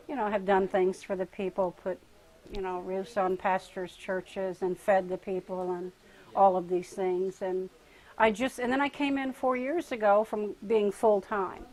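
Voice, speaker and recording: An older woman, a retreat participant, tells her life story in a casual interview, laughing often and imitating the voices of people she quotes. Her voice is medium-pitched and a little mellow, and the recording is low quality.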